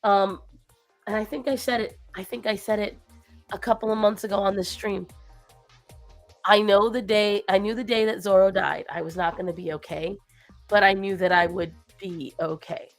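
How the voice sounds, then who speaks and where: A woman chatting casually on her livestream. She rambles, sounds tired and low after a long week, and breaks off to talk baby talk to her pets. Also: fairly even intonation, moderate pace, faint music behind. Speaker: stream host.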